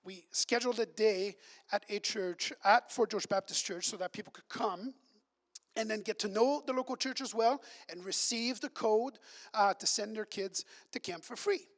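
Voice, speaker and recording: A man with a notably high voice tells camp stories in a chatty, storytelling way, slipping into little acted voices for the people in them. His words ring out with a long reverb, as if filling a large church hall. He speaks as a camp director updating a congregation. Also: normal speed, fairly bright tone. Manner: chatty, acts out quoted voices.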